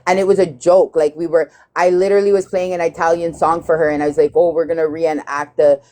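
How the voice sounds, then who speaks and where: A woman with a slightly low voice hosts a heated live chat. She talks bluntly, swears freely and retells conversations with animated quotes. She sounds like she is in her thirties. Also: fast. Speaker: live stream host.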